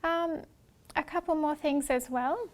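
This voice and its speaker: A woman presenting a workshop talk in a gentle, hesitant way, with many ums and restarts. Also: high-pitched, unhurried. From Australia.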